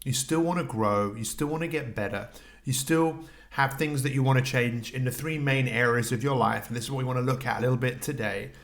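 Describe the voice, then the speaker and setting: A man's voice: mid-range voice, brisk, creaky, a bit bright. Reflective male podcast host. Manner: reflective, asks the listener questions, frequent fillers and restarts. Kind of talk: solo podcast monologue.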